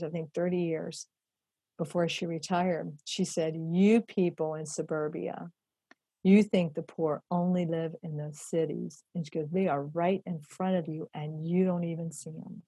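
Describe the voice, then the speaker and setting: A middle-aged woman telling a personal story in an animated way, acting out the voices she quotes and using many fillers. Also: on the low side, normal speed, husky, no echo. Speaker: charity founder telling her story.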